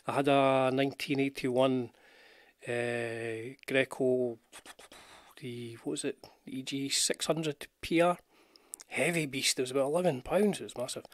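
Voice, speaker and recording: A guitar channel host, an older Scotsman, chats with his live-stream viewers in a rambling, self-mocking way, greeting them in the chat as he talks guitars. His medium-pitched voice stays fairly even and a little slow. He's on a desk mic with headphones on, recorded cleanly in a studio with no room sound.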